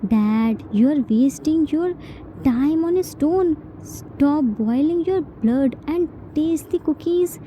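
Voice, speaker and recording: A woman voicing a gentle young man who bakes and soothes his family with soft words. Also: high voice, lively intonation, takes it slowly, a little hiss or hum, poor audio. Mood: coaxing.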